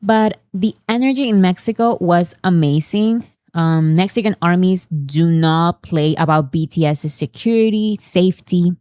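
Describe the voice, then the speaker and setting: A woman's voice: on the low side, unhurried, hardly any pauses, dark tone, dry recording, clean studio sound. A woman hosting a casual commentary, translating fan clips in a chatty way with fillers and restarts. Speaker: host.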